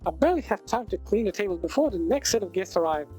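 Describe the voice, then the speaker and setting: A woman streamer reading a visual novel aloud at a fast clip, breaking off for sarcastic, profane commentary. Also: mid-range voice, expressive, mellow, soft background music. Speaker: let's play streamer.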